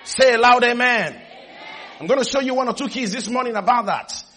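A male pastor preaching a sermon, calling on his congregation for responses and raising his voice to shouts. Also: extremely high pitch, a little fast.

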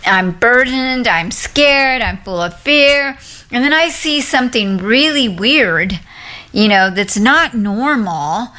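A woman's voice: on the high side, animated, takes it slowly, pushed and bright. A woman co-host who reads scripture aloud and chats casually with her co-host. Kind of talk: scripture reading and casual chat.

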